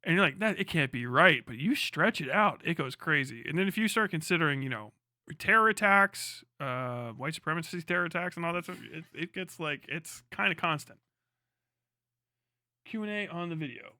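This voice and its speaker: Bright, chatty male streamer. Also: on the high side, lively intonation, moderate pace, dry recording, studio quality. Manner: rambling, profane, laughing asides. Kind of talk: casual live-stream reaction chat.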